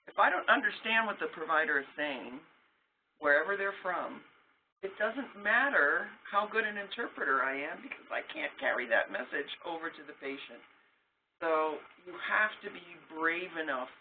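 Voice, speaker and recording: A man's voice: on the high side, moderate pace. Frank man lecturing over a tinny line. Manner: frank, explanatory, self-deprecating. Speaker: interpreter trainer. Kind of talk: training lecture. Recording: tinny phone-like line with faint noise.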